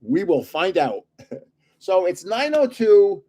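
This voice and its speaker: A man's voice: high-pitched, big pitch swings, slow pace, dark tone. An older man hosting a casual livestream, telling rambling stories and chuckling often. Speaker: channel host giving away trading cards.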